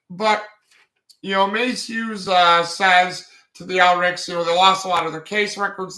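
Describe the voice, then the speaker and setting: A man's voice: high voice, bright, forceful tone, reverberant. A man casually recapping an anime episode in a rambling way, with many fillers.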